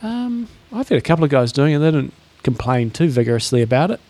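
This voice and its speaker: A man co-hosting a podcast, chatting casually in a relaxed, rambling way with many fillers. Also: a little high, quick pace. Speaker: podcast co-host. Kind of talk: casual chat.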